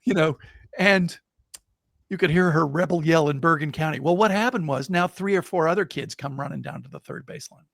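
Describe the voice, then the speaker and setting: Middle-aged guy telling a story on a podcast, animated, bit of fry in his voice, dead dry mic. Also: fairly high pitch, fairly quick, dry recording. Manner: animated, builds suspense with rising excitement. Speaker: guest storyteller. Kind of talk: casual interview, telling an anecdote.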